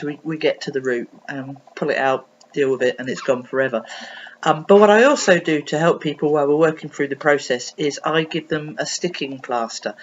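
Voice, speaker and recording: A woman with a deep voice, working as an anxiety coach, gives an earnest, explanatory tutorial in a casual spoken style with frequent ums and restarts. It was recorded on a computer webcam, sounding muffled with slight background noise.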